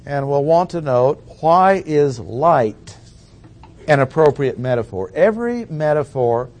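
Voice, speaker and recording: A man preaching a teaching sermon, explaining word meanings slowly and deliberately and asking rhetorical questions. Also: on the high side, a little mellow. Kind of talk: sermon teaching on Bible language.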